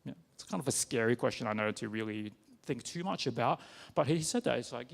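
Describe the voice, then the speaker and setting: A man giving a personal sermon, talking conversationally with halting restarts and many fillers. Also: mid-range voice, lively intonation, creaky. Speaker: preacher. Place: church. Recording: long reverb of a church hall.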